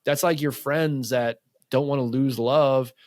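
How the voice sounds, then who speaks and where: A man speaking as a coach in a casual interview, talking quickly and loosely with many fillers, acting out what others say. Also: mid-range voice, fairly even intonation, a little mellow, dry recording, studio quality. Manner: fast, loose talk full of fillers, acts out quotes. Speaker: men's coach and podcast guest.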